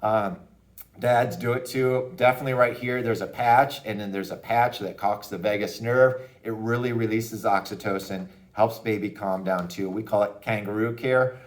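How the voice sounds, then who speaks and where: A man's voice: on the low side, fairly even intonation, normal speed. A man, a doctor and parent of a young child, giving casual, upbeat health advice to parents in an educational talk, often checking in with "okay?". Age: adult parent of a young child. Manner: casual and upbeat, with frequent "okay?" and "hey" asides.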